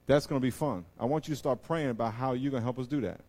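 Male pastor, sermon, medium pitch, dynamic delivery with big swings from hushed to fired-up. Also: fast talker, hardly any pauses. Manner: animated, swings between hushed asides and loud excited bursts.

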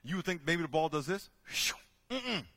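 Man, animated storyteller, bright forceful tone, dry close sound. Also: a little high, normal speed, no echo. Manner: lively, acts out characters with loud shouting bursts. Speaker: speaker teaching a group.

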